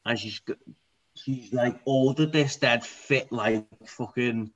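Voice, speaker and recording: A man's voice: mid-range voice, takes it slowly, muffled recording. A man, drunk and rambling while he co-hosts a podcast. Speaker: podcast co-host. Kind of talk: drunk casual banter.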